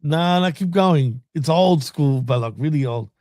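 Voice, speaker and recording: A man's voice: fairly high pitch, expressive, measured pace, a little mellow, dry recording, clean studio sound. A man co-hosting a casual wrestling podcast, recapping episodes in a laid-back way, laughing often and swearing freely. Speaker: podcast co-host.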